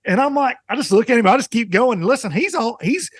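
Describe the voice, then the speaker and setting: A man hosting a casual podcast chat, telling lively stories and acting out what others said. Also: very high-pitched, brisk, husky, no room sound, clean studio sound. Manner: animated storyteller, acts out quotes. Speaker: podcast host.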